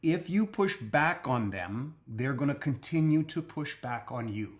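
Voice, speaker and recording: A man's voice: medium pitch, animated, measured pace. Man with a mid-range voice talking parents through advice, loose and conversational, with frequent "okay?" check-ins. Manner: conversational, keeps adding "okay?" and restarting. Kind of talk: casual advice talk to camera.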